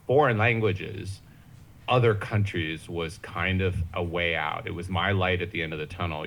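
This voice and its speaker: A man from Ohio chats as a podcast guest, his voice sitting a bit low. He talks in halting bursts, restarting sentences and undercutting himself with jokes. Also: a bit bright. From Ohio, USA. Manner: halting, many restarts and "you know what I mean", jokey asides. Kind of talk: casual conversational storytelling.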